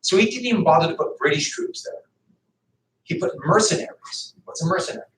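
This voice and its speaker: A man's voice: sits high, brisk. A man teaching a history class, telling it like a story with acted-out quotes and questions to students. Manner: animated storytelling, acting out quotes, quizzing students. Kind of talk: classroom lecture. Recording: echoey classroom, far from the mic.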